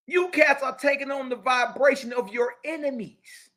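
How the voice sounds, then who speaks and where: A man hosting an animated commentary, reading passages aloud and mocking his listeners with slangy, preachy outbursts. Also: extremely high pitch, moderate pace. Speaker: show host.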